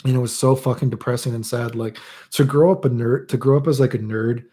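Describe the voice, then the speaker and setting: Crude, rambling man with a dark voice. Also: mid-range voice, fairly even intonation, fairly quick. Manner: crude, rambling, swears a lot. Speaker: streamer answering chat. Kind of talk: casual chat.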